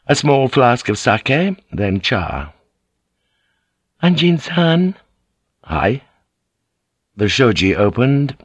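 A man reading an audiobook aloud in a measured, even storytelling manner. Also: medium pitch, breathy edge, dry recording. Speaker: audiobook narrator. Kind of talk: scripted audiobook narration.

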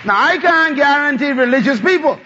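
A man's voice: very high-pitched, lively intonation, brisk, sharp tone, slight background noise. A male pastor preaching a sermon, calling on the congregation to answer back. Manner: call-and-response preaching, asks the congregation to answer. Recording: dull lo-fi sound.

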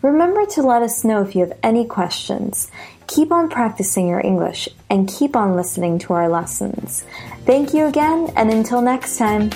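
A woman with an American accent teaching pronunciation, slowly repeating example sentences and stressing the key words. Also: a little high, big pitch swings, warm tone, soft background music. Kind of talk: slow, deliberate lesson with spoken examples.

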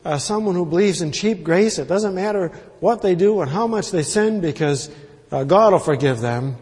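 A slightly high, husky-voiced man preaching an evening sermon. He hammers key words by repeating them and fills pauses with "uh." His voice rings out in a church hall with a long reverb tail. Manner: emphatic, repeats words for stress, many uh fillers. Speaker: pastor. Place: church sanctuary.

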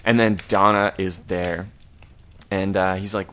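A man's voice: low voice, steady tone, a little slow, a bit bright, a little hiss or hum. A man co-hosting a horror review podcast, recapping an episode in a rambling, laid-back way with the odd curse. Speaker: podcast co-host. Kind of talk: casual plot recap.

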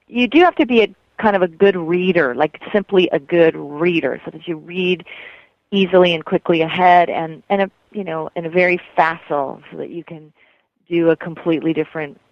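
A woman's voice: sits low, moderate pace, dry recording. A middle-aged woman from Colorado, a voice actress talking casually in an interview, thinking aloud and restarting her phrases. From Colorado, USA. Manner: thoughtful, trails off and restarts. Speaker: voice actress guest. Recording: dull lo-fi sound.

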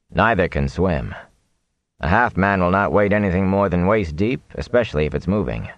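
A man's voice: sits low, no echo, highs cut off. A man reading an audiobook, voicing a grim male warrior who reports in a clipped, matter-of-fact way.

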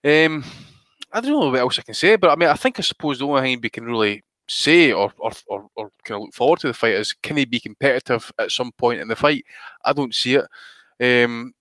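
A man on a podcast panel speaks bluntly, laying out firm opinions in casual chat. His mid-pitched voice is recorded dry and close. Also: lively intonation, fairly quick, fairly bright tone, dry recording.

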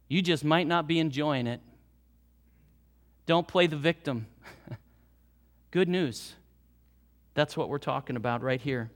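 A middle-aged male pastor with an American Midwest accent, preaching an animated sermon that swings between soft and loud. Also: slow, pauses often. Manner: animated preaching with big swings in loudness and pitch.

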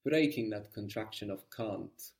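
A man's voice: on the low side, unhurried, vocal fry, a little mellow. A man teaching a language lesson, explaining patiently and encouraging his student.

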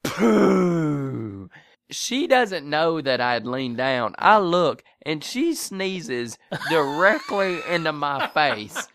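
A man's voice: fairly high pitch, extremely slow, vocal fry, dry recording. A middle-aged man co-hosting a casual chat, telling stories with lots of swearing and animation. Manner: profane animated storytelling. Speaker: podcast co-host.

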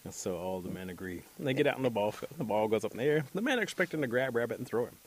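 A man telling a folktale aloud as a storyteller, animated and voicing each character. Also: mid-range voice, very fast.

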